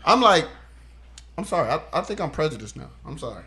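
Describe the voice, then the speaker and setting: A young man co-hosting a podcast, telling stories in a casual, animated and profane way. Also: a little high, a little fast, breathy edge. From Chicago area. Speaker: podcast co-host. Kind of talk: casual chat.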